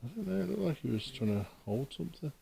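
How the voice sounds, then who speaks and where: A man investigating a castle, calling out slowly and loudly to a spirit between quiet remarks. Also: fairly high pitch, sing-song, gravelly, slightly rough. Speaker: paranormal investigator. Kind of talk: ghost-hunt calling out. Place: old castle at night.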